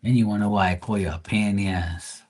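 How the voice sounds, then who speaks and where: A man's voice: lowish voice, fairly even intonation, quick pace, a little mellow, breathy edge. A man hosting a casual livestream as a tarot reader, teasing viewers in crude, profane talk.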